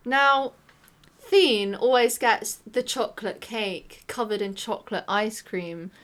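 A woman's voice: a little high, slow, fairly bright tone. A teenage girl from England, co-hosting a podcast in casual chat, talking a lot and laughing as she goes. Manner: chatty, laughing, self-interrupting. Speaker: podcast co-host.

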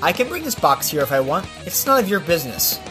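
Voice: mid-range voice, big pitch swings, quick pace, over music, natural voice. A storyteller voicing a stubborn, sly holy man who answers curtly and teases.

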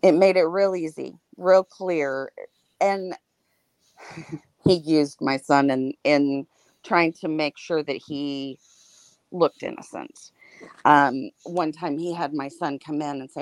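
A woman's voice: low-pitched, slow, no room sound. Frank woman telling her own story. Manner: frank, animated, laughs between grim details. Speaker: podcast co-host. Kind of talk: candid personal storytelling.

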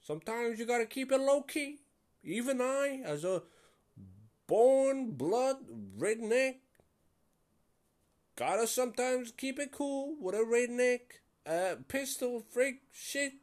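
A man's voice: very high voice, expressive, slow, darkish tone, pitched above the performer's own voice, exaggerated voice. A man putting on a brash Southern redneck. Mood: boastful. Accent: put-on American Southern. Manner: brash, proud, bragging. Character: boastful gun-loving southern redneck man.

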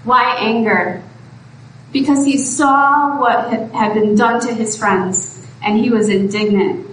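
A woman's voice: fairly high pitch, fairly even intonation, slow pace. A woman preacher giving a sermon in an earnest, pleading way that rises to exhortation. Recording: echoey room from far off, faint background noise.

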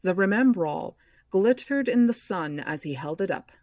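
A woman hosting a book club podcast, reading a novel aloud in a measured, expressive way. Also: medium pitch, no room sound, studio quality.

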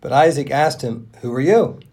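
A man co-hosting a podcast, reading scripture aloud and giving quoted speech a raised, expressive voice. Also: medium pitch, moderate pace. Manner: expressive reader who lifts his voice for quoted speech. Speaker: Bible reading podcast co-host.

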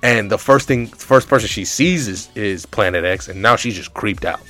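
A young man telling a comedic story in a rambling, animated way, full of filler words. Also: lowish voice, moderate pace, faint music behind.

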